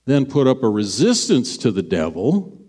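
A man's voice: mid-range voice, sing-song, normal speed, warm tone. A middle-aged male pastor preaching a sermon in a chatty, storytelling way with sudden bursts of emphasis. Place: church sanctuary. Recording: long hall reverb.

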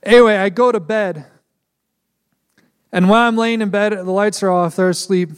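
A man's voice: high-pitched, steady tone, moderate pace, smooth. A young man preaching a sermon and telling a personal story in an earnest storytelling manner, laughing at himself at times. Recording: long hall reverb.

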